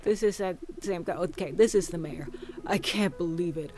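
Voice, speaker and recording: A woman's voice: fairly low pitch, normal speed, a little mellow. A woman streamer giving casual gameplay commentary, chatting and reading game dialogue aloud.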